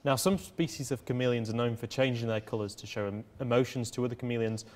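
Young male co-host, steady earnest science news read, mid pitch. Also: quick pace. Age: young adult. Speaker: co-host called Prof. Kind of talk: scripted science news reading.

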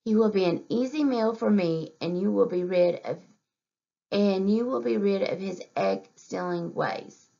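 A sly, hungry mongoose making a calm, persuasive offer, read by a woman. The voice is gravelly and the recording is muffled and lo-fi. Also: mid-range voice, unhurried. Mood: scheming. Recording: dull lo-fi recording.

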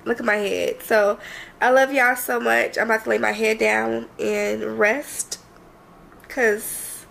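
Congested, gravelly-voiced woman vlogger rambling softly. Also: a little high, flat delivery, slow pace, slight background noise, low-quality recording. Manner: rambling, heartfelt, frequent "you know what I mean". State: congested, a little emotional. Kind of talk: casual talk to camera.

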